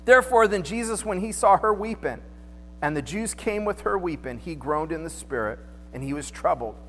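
A man's voice: high-pitched, expressive, normal speed, fairly bright tone, slight background noise. A man preaching a sermon in a church, talking in a loose, conversational way and throwing out rhetorical questions. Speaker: pastor. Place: church sanctuary. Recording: long hall reverb, faint music behind.

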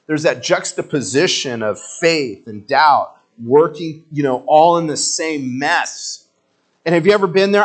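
A man giving an informal sermon, telling the story in a conversational, animated way with casual slang. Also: fairly high pitch, a little slow. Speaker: preacher.

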